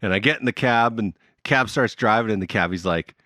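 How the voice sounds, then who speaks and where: A man's voice: fairly low pitch, fairly quick, dry recording, clean studio sound. A middle-aged man, a band musician guesting on a podcast, telling a long story in casual conversation, swearing freely and laughing along. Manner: animated, profane, laughs through his own story.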